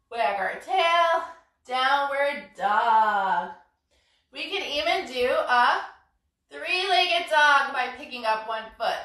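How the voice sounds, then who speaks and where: Female yoga teacher for toddlers, high and lively, slow and bright, roomy and a bit off mic. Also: far from the mic. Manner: animated and playful, with sound effects. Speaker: yoga instructor. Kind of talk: toddler yoga class with storybook reading.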